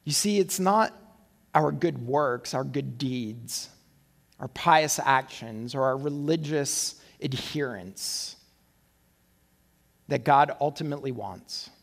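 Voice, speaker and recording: A male pastor preaching a sermon, conversational and animated, posing rhetorical questions. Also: medium pitch, slow pace, gravelly. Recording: long hall reverb.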